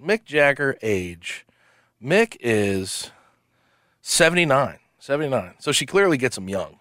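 Animated radio host guy, pitch all over the place, laughs easy. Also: no room sound, studio quality. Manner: animated, emphatic, quick to laugh. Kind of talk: sports talk radio banter. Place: radio studio.

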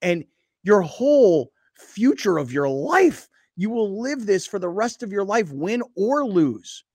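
A male sports radio host talks in a dead, dry studio sound. His voice sits a bit high for a man. He is chatty and self-deprecating, and he leans hard on the points he cares about. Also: sing-song, slow, a little mellow, dry recording. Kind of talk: casual sports talk radio. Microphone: studio microphone.

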